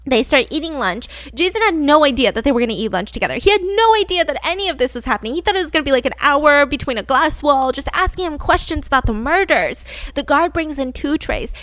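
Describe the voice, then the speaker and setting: Woman, podcast storyteller, fairly high voice, dry close sound, chatty, lots of fillers. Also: lively intonation, fast talker, hardly any pauses, fairly bright tone, no room sound. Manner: chatty, filler-heavy, acts out quotes. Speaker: podcast co-host. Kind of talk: casual true-crime storytelling.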